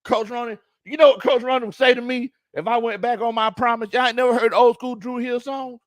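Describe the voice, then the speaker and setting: A man's voice: extremely high pitch, no room sound, clean studio sound. A man hosts a casual live sports stream, reading chat comments, laughing often and drawing out his words. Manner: animated, laughs often, drawn-out colloquial speech. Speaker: sports talk show host.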